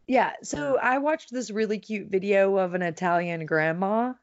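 Woman co-host, chatty and giggly, mid-pitched, on slightly muffled audio. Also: normal speed. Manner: chatty, giggly, lots of fillers. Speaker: podcast co-host. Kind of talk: casual chat.

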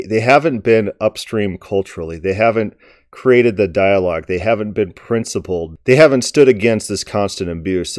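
Combative low-voiced man. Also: darkish tone, no echo, studio quality. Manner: emphatic, combative. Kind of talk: political commentary.

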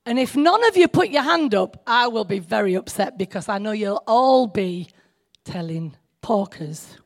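Lively, gravelly-voiced woman preaching. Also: mid-range voice, moderate pace. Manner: chatty, joking, self-deprecating, speaks to the audience directly. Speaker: speaker at a church meeting. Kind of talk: informal sermon.

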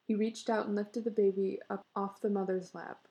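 A woman narrating a story in a measured, expressive way. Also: mid-range voice, low-quality recording.

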